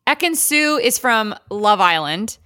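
A young adult woman co-hosting a podcast, chatting casually with lots of fillers and quick impressions of people. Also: a little high, very animated, bright, forceful tone, dry recording, clean studio sound. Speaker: podcast co-host. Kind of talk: casual chat.

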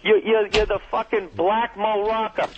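Man, high voice, comedian, profane animated storyteller, tinny phone line. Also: moderate pace, a crowd in the background. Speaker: comedian guest. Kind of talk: casual radio chat, storytelling.

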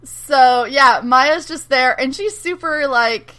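Woman, chatty podcast co-host, higher and bright, lively recap with quoted lines. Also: slow. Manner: animated recapping, acts out characters' lines, laughs often. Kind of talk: casual chat.

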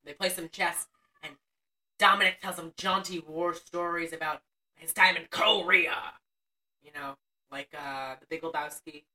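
Co-host: woman, low and bright, swears freely and stays sarcastic, heard from a distance off mic. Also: steady tone, measured pace. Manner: profane, sarcastic storytelling. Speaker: podcast co-host. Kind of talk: casual movie recap chat.

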